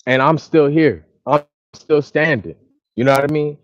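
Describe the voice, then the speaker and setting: A man's voice: a little high, moderate pace, no room sound, dull audio. Frustrated man venting outdoors. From Dallas, Texas. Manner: frustrated, venting, repetitive phrasing. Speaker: vlogger. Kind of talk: casual outdoor monologue to a live chat. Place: outdoors by a lake or river.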